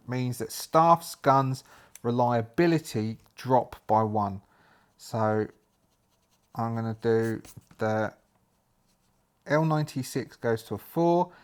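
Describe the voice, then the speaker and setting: A man narrating his solo tabletop game, talking through dice rolls and rules aloud. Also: medium pitch.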